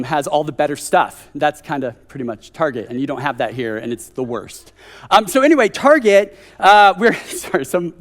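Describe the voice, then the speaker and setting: A man in his thirties preaching a conversational sermon at a church service, telling a story with joking asides. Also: high-pitched.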